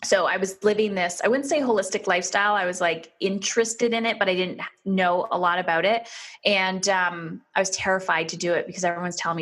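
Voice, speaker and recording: Earnest woman, podcast guest, mid-pitched, acts out remembered dialogue. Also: steady tone, fairly quick, a bit bright. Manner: earnest, quotes herself and others in dialogue. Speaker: podcast guest telling her story. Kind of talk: candid personal storytelling.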